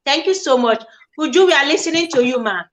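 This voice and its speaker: A woman's voice: high-pitched, quick pace, low-quality recording. A woman hosting a talk show, playful as she urges viewers to share and reads out their comments. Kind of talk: casual chat.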